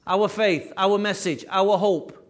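A man preaching a sermon with emphatic, repetitive phrasing, his voice rising and falling in loudness. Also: high voice, steady tone, takes it slowly. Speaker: pastor.

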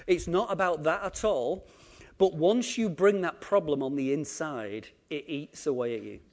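A man preaching a sermon, acting out quotes and swinging between loud emphasis and quiet asides. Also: fairly high pitch, moderate pace. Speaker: pastor.

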